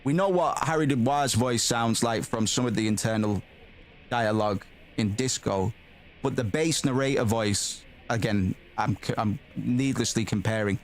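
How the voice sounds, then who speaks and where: A man's voice: medium pitch, moderate pace, soft background music. Cursing male streamer reading game text. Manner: blunt, swears freely, drawls "man" and "bro". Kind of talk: casual gameplay commentary, reading game text aloud.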